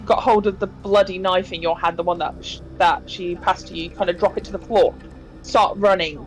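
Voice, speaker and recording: A woman's voice: fairly low pitch, fairly even intonation, a little fast, soft background music, poor audio. A woman narrating a tabletop horror game as game master. She talks in a chatty, rambling way, full of fillers and giggles.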